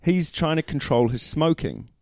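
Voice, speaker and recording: A man's voice: a little high, moderate pace, a little mellow, no room sound, studio quality. A man co-hosting a casual rugby chat, laid-back and matey, calling his friend "mate". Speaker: podcast co-host.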